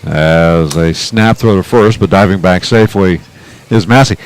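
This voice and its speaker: A man doing play-by-play radio commentary for a baseball game, chatting and reading trivia between pitches. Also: unhurried, smooth, rough recording. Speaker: play-by-play announcer.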